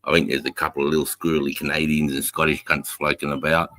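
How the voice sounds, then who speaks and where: A man's voice: a bass voice, little pitch movement, fast, sharp tone. An Australian man telling stories in a casual livestream chat, swearing constantly, laughing often and rattling off rhyming slang. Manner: profane, laughing storyteller fond of rhyming slang. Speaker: livestream co-host.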